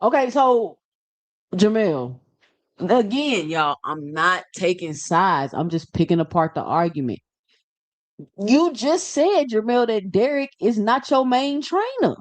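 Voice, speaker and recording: A woman's voice: mid-range voice, sing-song, takes it slowly, dry recording. A woman hosting a live reaction show, talking bluntly and firing off rhetorical questions in casual commentary.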